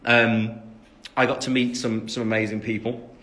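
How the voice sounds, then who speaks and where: A man's voice: mid-range voice, little pitch movement, moderate pace, fairly bright tone. A young man from the English West Midlands with an English accent, chatting on a phone livestream and reading out fan questions between lots of ums. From England, West Midlands. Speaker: singer answering fans on a livestream. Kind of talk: casual live-stream Q&A.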